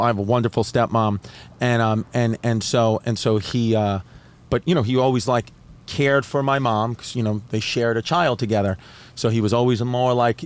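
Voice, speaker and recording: A man from New York, a comedian guesting on a podcast, telling a story in a casual, profane way and acting out the other people in it. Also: mid-range voice. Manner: animated, profane, acts out quotes in other voices.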